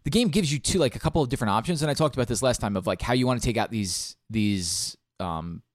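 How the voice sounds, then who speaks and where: A man's voice: mid-range voice, animated, fast, no room sound, clean studio sound. A young man co-hosting a podcast, chatting casually and rambling with lots of ums and restarts. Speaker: podcast co-host. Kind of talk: casual chat about video games.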